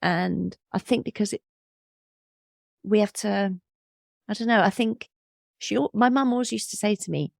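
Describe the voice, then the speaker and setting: Gravelly-voiced woman in her fifties reflecting. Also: mid-range voice, moderate pace, pauses often, a little mellow, no room sound, studio quality. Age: 50s. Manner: earnest, reflective, with small laughs. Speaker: interview guest. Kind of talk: reflective conversational storytelling.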